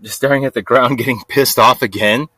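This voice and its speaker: A man's voice: steady tone, a little fast, breathy edge, dry recording. Rambling man muttering his story, dry sound. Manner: rambling, restless, talks to himself with lots of "like" and "freaking"; swings between low mutters and sudden loud outbursts. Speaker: podcast host. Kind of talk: casual storytelling monologue.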